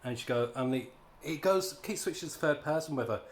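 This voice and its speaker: A man's voice: fairly high pitch, expressive, fairly quick, slight background noise. A man giving a casual spoken comic book review, ranting in a sarcastic, exasperated way. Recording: echoey room.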